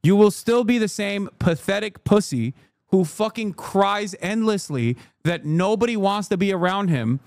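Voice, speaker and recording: Combative, profane streamer with a high voice. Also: male voice, expressive, a little slow, gravelly, darkish tone, dry recording, clean studio sound. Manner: combative, profane, talks straight to chat. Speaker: streamer reacting to news. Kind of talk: profane live-stream rant.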